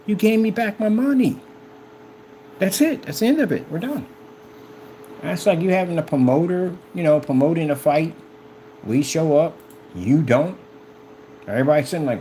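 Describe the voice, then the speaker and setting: A man's voice: a little high, expressive, moderate pace, long pauses, warm tone, slight background noise. A businessman ranting at the camera, confrontational and mocking, repeating himself as he goes. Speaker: business owner.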